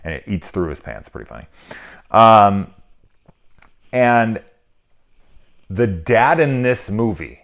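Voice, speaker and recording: Deep-voiced man ranting about a movie. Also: big pitch swings, slow, long pauses, fairly bright tone. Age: 30s. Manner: rambling, profane, sarcastic asides. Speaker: movie review host. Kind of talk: casual spoken movie review.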